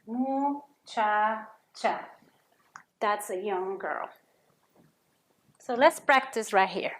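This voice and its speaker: A woman's voice: medium pitch, slow pace, a bit bright, echoey room. A woman teaching a Spanish lesson to children, patiently sounding out words and repeating them for students to copy.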